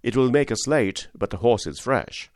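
A man voicing a steady, kind coachman who speaks in a practical, plain way. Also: mid-range voice, normal speed, no room sound, studio quality, pitched above the performer's own voice, close to an everyday voice.

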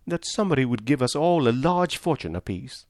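A man voices an excitable young girl whose speech is dreamy and eager, with a wistful mood. His mid-range voice is brisk and pitched above his own, though still close to an everyday voice, in clean studio sound with no room sound.

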